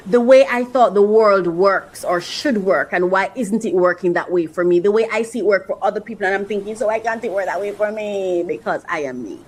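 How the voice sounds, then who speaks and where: A woman's voice: mid-range voice, a little hiss or hum, poor audio. A woman host speaking earnestly in a reflective faith-based monologue, repeating phrases for emphasis. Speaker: host reacting to clips.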